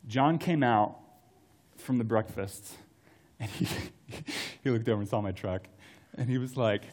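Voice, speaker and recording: A young adult man preaching a sermon in a casual, storytelling way, dropping to soft tones for emphasis. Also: mid-range voice, huge pitch swings, normal speed.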